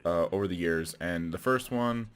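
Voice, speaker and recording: Deep-voiced man rambling casually. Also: normal speed, smooth. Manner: rambling, many fillers and restarts; chuckles between remarks. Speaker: video creator. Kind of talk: casual movie commentary.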